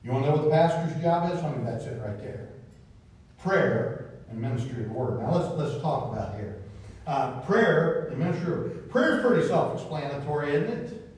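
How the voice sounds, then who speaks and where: Pastor, folksy and questioning, captured by a distant mic in a reverberant sanctuary. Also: male voice, a little high, sing-song, moderate pace, darkish tone. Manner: folksy, repeats words, asks the congregation questions. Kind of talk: sermon. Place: church sanctuary. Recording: very echoey room, distant from the mic.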